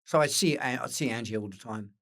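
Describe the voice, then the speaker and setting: An older man with an Essex accent, telling lively anecdotes as an interview guest and acting out the quotes. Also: mid-range voice, brisk, creaky, heavy background noise. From England. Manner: animated anecdotes with acted-out quotes, occasional swearing. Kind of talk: casual storytelling interview.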